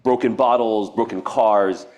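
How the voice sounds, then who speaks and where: A man from Hawaii with a voice on the low side, steady in tone, a little slow and a little mellow, gives a public artist talk at a university event space. Reflective and earnest, he wanders nonlinearly between thoughts, frequently restarting and laughing.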